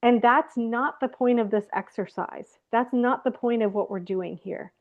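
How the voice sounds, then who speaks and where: A woman's voice: fairly high pitch, moderate pace. A woman host giving a reflective, emphatic teaching talk. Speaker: host of a faith program. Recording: tinny phone-like call audio.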